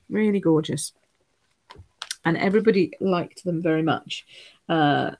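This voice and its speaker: A woman's voice: on the low side, gravelly. A woman hosting a live craft stream, chatting casually, rambling and answering viewer comments as she shows cards. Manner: chatty, rambling, loses her train of thought.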